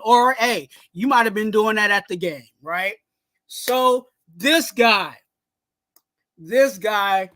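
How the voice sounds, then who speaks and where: A man hosting a fan sports show, ranting heatedly and often shouting, with lots of "you know what I'm saying". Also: sits high, no room sound. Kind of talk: casual sports talk, ranting segment.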